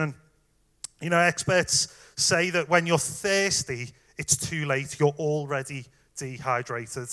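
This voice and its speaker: A man's voice: on the high side, fairly even intonation, takes it slowly. A man preaching a sermon in a conversational way, speaking straight to the congregation with the odd "um". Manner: conversational, warm direct address with fillers.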